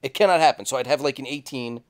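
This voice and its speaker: In a studio, seated on couches, a man co-hosts a casual podcast and tells profane stories with great animation. His mid-range voice is quick, clear and resonant.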